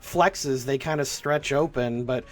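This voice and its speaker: A man narrating as game master in a tabletop role-playing game, often stammering and restarting, with quick laughs. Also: mid-range voice.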